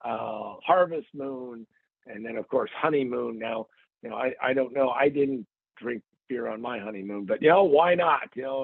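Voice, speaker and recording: Gravelly joking man on a tinny line. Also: mid-range voice, moderate pace, no echo. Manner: joking storyteller with playful asides. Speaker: podcast host. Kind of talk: casual comic podcast chat.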